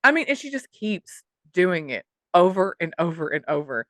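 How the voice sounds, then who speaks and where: A woman's voice: lowish voice, big pitch swings, normal speed, a bit bright, dry recording, clean studio sound. A woman co-hosting a podcast, telling a story in casual chat, swearing and mimicking the people she quotes. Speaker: podcast co-host.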